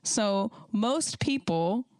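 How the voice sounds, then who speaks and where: A woman's voice: medium pitch, expressive, a little mellow, dry recording. An American woman hosting a casual podcast chat, bubbly and giggly. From United States. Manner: bubbly, giggly, quick to agree. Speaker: podcast host.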